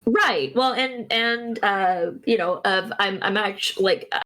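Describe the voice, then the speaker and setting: A woman's voice: mid-range voice, unhurried, fairly bright tone. A woman, streaming and chatting casually, rambling with many restarts and giggles.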